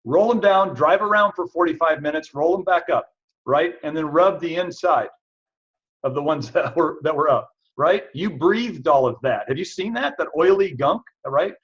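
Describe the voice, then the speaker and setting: A man with a husky, slightly breathy voice talks to a live audience in a chatty, self-deprecating way, pitched a little high for a man. The sound is dull and lo-fi. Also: expressive, moderate pace. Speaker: chiropractor presenting products. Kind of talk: casual product talk to an audience. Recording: dull lo-fi recording.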